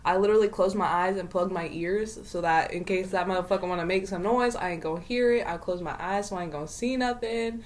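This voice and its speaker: A young woman co-hosting a podcast, telling a scary story with animated, slangy delivery and frequent swearing. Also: fairly low pitch, quick pace, hardly any pauses. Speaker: podcast co-host. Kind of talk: casual storytelling chat.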